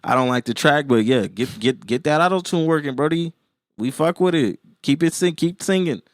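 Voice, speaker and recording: A man's voice: on the high side, normal speed, no room sound, clean studio sound. A man co-hosting a podcast in loose casual chat, rambling with lots of fillers and restarts. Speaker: podcast co-host.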